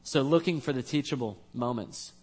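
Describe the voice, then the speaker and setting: A man's voice: mid-range voice, normal speed, darkish tone. A man preaching in a church as pastor, telling a family story in a casual, joking, conversational way. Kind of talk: storytelling sermon.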